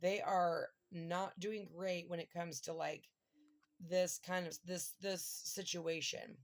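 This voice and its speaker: A woman in middle age talks through a tarot spread in a loose, chatty way. Her voice has a gravelly fry to it. She grows emotional and exclamatory as the cards turn. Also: fairly low pitch, little pitch movement, slow pace. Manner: emotional, exclamatory, near tears at times. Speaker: tarot reader. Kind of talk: casual tarot reading monologue.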